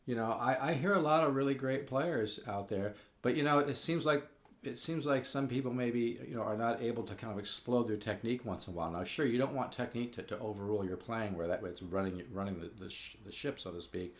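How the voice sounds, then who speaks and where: A man's voice: medium pitch, brisk. A man giving a casual spoken guitar lesson, rambling with fillers and restarts and growing enthusiastic. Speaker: guitar teacher. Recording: echoey room with guitar playing.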